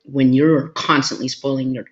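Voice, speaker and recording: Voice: mid-range voice, level tone, moderate pace, muffled recording. A chatty, agreeable guest in a casual conversation who laughs through her stories. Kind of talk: casual chat.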